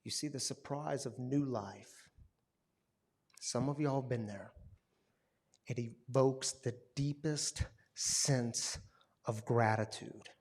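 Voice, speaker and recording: A man preaching a sermon as a pastor, telling stories with lively swings between hushed, quiet passages and loud, emphatic ones. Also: medium pitch, slow, long pauses.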